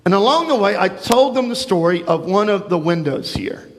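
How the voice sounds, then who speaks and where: A male pastor giving a sermon, telling a Bible story to children with animated storytelling and acted-out voices. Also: sits high, moderate pace. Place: church sanctuary. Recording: long church reverb.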